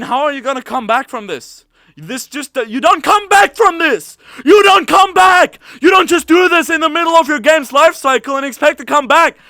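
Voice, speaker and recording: Angry high-voiced man ranting. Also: no room sound, studio quality. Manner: heated, swearing, swings from muttering to shouting. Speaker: gamer ranting about a game. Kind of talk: angry profane rant.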